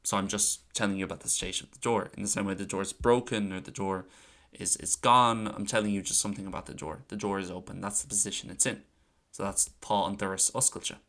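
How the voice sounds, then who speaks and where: A lowish-voiced man from Ireland teaches Irish grammar in a casual online session. His manner is friendly and relaxed as he walks through examples, pausing his pace to say key phrases again.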